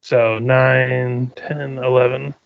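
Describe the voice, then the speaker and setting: A man's voice: medium pitch, little pitch movement, slow, gravelly, clear, resonant tone, no echo, phone-quality sound. A man playing a tabletop game, thinking aloud hesitantly about his abilities and rolls. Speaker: player.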